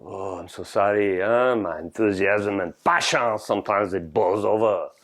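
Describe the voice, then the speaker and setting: A man playing an excitable French home chef with a French accent muddled by Australian, hosting a comic cooking lesson and tagging lines with "huh?". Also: on the low side, normal speed, close to an everyday voice. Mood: theatrical. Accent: French mixed with Australian. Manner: theatrical, tags lines with "huh?" and "all right?". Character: excitable theatrical French home chef, male, middle-aged. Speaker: cooking show host.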